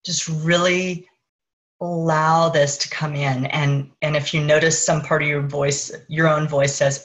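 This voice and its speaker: A woman with a notably low voice talks to her viewers as a parenting coach, earnest and encouraging. She speaks straight to the webcam or phone of a live stream. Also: steady tone, fairly bright tone. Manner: earnest, encouraging, slow and soothing in affirmations. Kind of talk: live-stream talk and guided affirmation.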